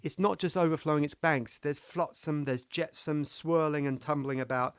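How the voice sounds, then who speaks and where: A man's voice: fairly high pitch, steady tone, moderate pace, clean tone, no room sound. Joking English man, dry sound. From England. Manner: playful, joking storyteller. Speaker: podcast co-host. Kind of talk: casual philosophical chat.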